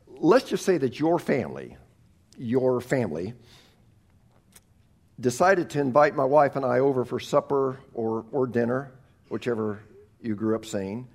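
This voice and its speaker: A middle-aged male pastor preaching a sermon, telling a story with animated delivery and frequent restarts. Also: medium pitch, a little slow, long pauses.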